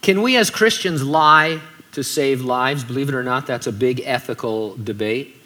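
Bright-voiced man preaching a sermon. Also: medium pitch, normal speed. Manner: conversational, joking asides. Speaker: pastor.

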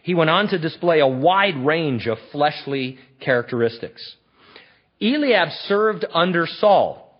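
Male preacher, sermon delivery, emphatic and conversational. Husky tone, fairly high. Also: expressive, measured pace. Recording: dull lo-fi recording.

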